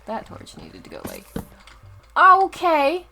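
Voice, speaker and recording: A woman's voice: medium pitch, big pitch swings, normal speed, a little hiss or hum. A young woman casually commenting on her gameplay as a Let's Play host, chatty and easily distracted. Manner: chatty, easily distracted, loud startled outbursts.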